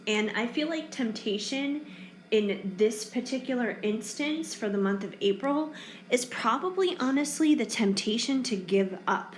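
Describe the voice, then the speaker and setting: A woman's voice: mid-range voice, a little hiss or hum. Tired, chatty woman giving a tarot reading. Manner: chatty, reassuring, frequent fillers. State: tired, yawning. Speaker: tarot reader. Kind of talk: casual pick-a-card tarot reading. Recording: echoey room with faint ambience.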